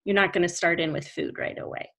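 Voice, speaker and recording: A woman's voice: on the low side, fast, vocal fry, fairly bright tone. Supportive woman co-host. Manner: supportive, agreeing, thoughtful. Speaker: speech therapist, podcast co-host. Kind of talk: casual chat.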